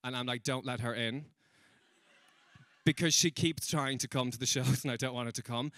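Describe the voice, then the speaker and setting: Male stand-up, young, self-mocking crowd work, bright voice, dry close sound. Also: medium pitch, steady tone, dry recording. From Ireland. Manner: chatty, self-mocking, quick asides to the crowd. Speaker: stand-up comedian. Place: comedy stage before a live audience.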